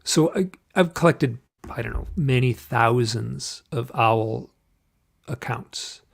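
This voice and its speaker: A gravelly man of middle pitch chats as a guest on a video call. He rambles, restarts his sentences and hunts for the right word as he goes. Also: slow. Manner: rambling, searching for words, many restarts. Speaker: guest author. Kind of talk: casual interview chat.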